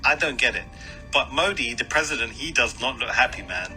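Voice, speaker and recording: A man's voice: medium pitch, lively intonation, a little fast, bright, forceful tone, soft background music, poor audio. A man mocking a video in casual commentary, laughing and putting on voices as he talks. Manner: mocking, laughing, mimics others.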